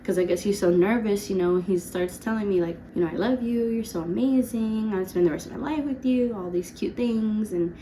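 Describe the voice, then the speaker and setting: Woman, twenties, chatty storytime vlogger, filler-heavy and animated, faint hiss behind. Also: mid-range voice. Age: 20s. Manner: chatty, lots of "like", quick laughs. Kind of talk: casual storytime vlog.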